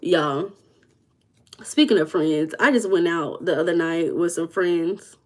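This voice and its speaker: A young woman manifestation coach chats casually with viewers on a livestream, answering them live, telling stories and calling them y'all. She has a lowish voice and a slow pace.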